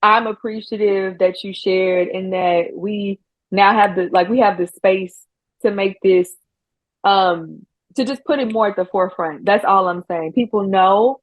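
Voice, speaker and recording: A woman's voice: mid-range voice, fairly even intonation, measured pace, no echo, dull audio. A woman hosting a podcast interview, talking emotionally and effusively, often restarting her sentences. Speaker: podcast host. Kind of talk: conversational interview.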